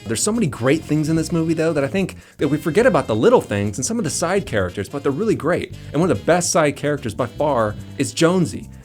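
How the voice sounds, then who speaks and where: A man's voice: on the high side, very animated, quick pace, hardly any pauses, a little mellow, faint music behind. A man casually reviewing a movie in a rambling, jokey way, laughing often and filling his talk with "like". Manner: enthusiastic, jokey, laughs often, many "like" fillers.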